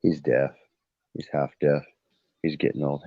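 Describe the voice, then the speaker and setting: A man's voice: extremely low pitch, flat delivery, a little slow, long pauses, dark tone, slightly rough, dry recording. A middle-aged man chatting on a livestream panel, telling rambling family stories and acting out what people said. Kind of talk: casual chat. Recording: dull dry lo-fi livestream audio.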